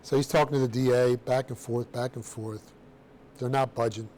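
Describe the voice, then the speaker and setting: A middle-aged man telling his own story to a room of students in a blunt, streetwise, animated way, with casual slang. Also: medium pitch, quick pace, a little hiss or hum. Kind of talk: personal storytelling talk to students.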